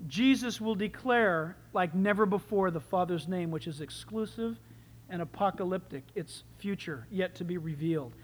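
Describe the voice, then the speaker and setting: A man preaching a sermon in an animated, enthusiastic way, his loudness swinging from soft to loud. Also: high-pitched, normal speed, big-room sound.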